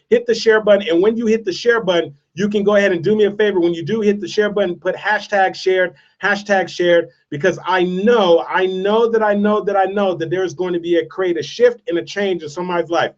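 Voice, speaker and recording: A man giving a motivational speech, telling a story with emphatic repetition. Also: high voice. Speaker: motivational speaker. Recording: distant, dull lo-fi sound.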